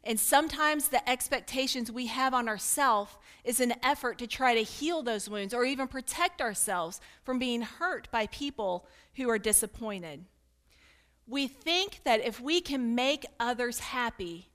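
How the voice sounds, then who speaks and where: A pastor's wife from Kentucky with a slight Kentucky accent, giving an earnest, candid talk to a women's gathering and inviting answers from the room, with light self-deprecating humor. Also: female voice, on the high side, lively intonation, a little slow, a bit bright. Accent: Kentucky with some Northern mix. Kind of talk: candid teaching talk with audience participation.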